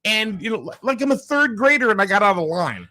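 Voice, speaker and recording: A man's voice: high-pitched, brisk. A man hosting a casual morning radio chat, telling a story and acting out its voices. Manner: animated storyteller, acts out voices in anecdotes. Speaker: radio show host.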